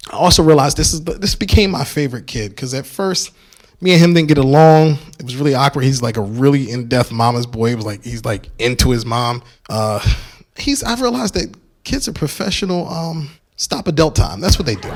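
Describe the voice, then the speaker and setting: A young man doing stand-up comedy, telling stories in an animated, playful way. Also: medium pitch, vocal fry.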